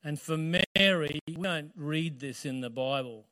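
Brief: male pastor, high voice, lively storytelling sermon full of questions. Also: unhurried. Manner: storytelling, animated, asks the audience questions.

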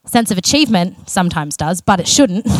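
A woman's voice: lowish voice, expressive, moderate pace, dry recording. A woman preaching a sermon in an earnest, conversational way, with casual self-aware asides.

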